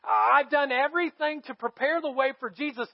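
A man's voice: very high-pitched, normal speed, vocal fry, dull audio. A man pastor voicing a humble, eager male prophet in quoted lines of his sermon. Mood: earnest.

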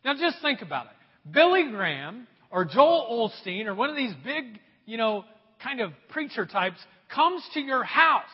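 A male pastor preaching a sermon to his congregation, telling a story in an animated way. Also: very high voice, measured pace, breathy edge. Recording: dull sound, long hall reverb.

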